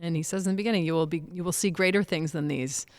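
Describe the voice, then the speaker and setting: A woman's voice: on the low side, fast, darkish tone. A woman co-hosting a church podcast, reflecting on scripture in an engaged, affirming way. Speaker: podcast co-host. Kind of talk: conversational scripture discussion.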